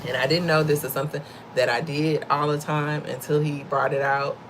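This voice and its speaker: A woman's voice: low voice, little pitch movement, fairly quick, noisy background. A middle-aged woman hosting a livestream, giving a casual faith-based talk to her viewers, conversational and a bit preachy, often laughing and calling them y'all. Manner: laughs often while talking.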